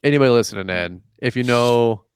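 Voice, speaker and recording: Animated young man telling a story. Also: medium pitch, brisk, smooth. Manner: animated storyteller, acts out dialogue, says "like" often. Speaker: podcast host. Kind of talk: casual chat.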